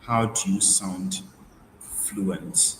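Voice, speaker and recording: A man with a fairly low voice gives a webinar lesson. He restates each point and often stops to restart with fillers. The room sounds roomy, with a faint hiss behind him. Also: extremely slow. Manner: repeats key points, frequent fillers and restarts. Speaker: IELTS tutor. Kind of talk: webinar lecture.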